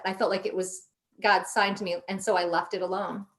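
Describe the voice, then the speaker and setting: A middle-aged woman telling a personal story in a casual chat, animated and quoting herself and others as she goes. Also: medium pitch, brisk. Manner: animated, quotes herself in lively voices. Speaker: podcast guest.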